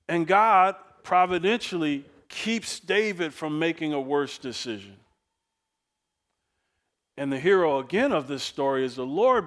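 A man preaching a sermon, telling the story in a lively, conversational way and acting out the quoted speakers. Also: fairly high pitch. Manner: animated storytelling preacher, acts out quoted voices; casual, chuckles often. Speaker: pastor.

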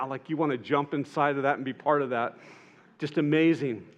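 A man preaching a sermon in an earnest way, rising to emphatic peaks and dropping soft and tender at moments. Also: mid-range voice, fairly even intonation, fairly quick, muffled recording. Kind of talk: sermon retelling gospel scenes.

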